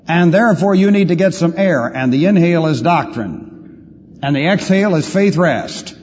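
A man teaching the Bible as a pastor, emphatic, asking rhetorical questions and swinging his pitch widely. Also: lively intonation, normal speed, darkish tone, slight background noise. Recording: lo-fi reverberant hall recording.

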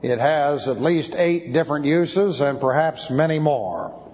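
A man's voice: on the high side, animated, unhurried, a little mellow. A man teaching an expository sermon, spelling out Greek words letter by letter. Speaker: Bible teacher. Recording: dull lo-fi sound with long hall reverb.

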